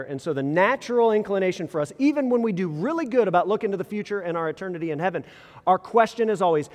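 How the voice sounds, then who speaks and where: A man preaching a sermon in a casual, conversational way, full of rhetorical questions and quick restarts. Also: a little high. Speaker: pastor. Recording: long reverb in a large hall.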